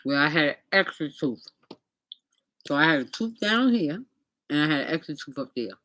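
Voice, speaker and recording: A woman's voice: sits low, lively intonation, moderate pace, bright, forceful tone, a little hiss or hum. A middle-aged woman vlogger telling a casual story, chatty and speaking straight to her viewers, sometimes eating as she talks.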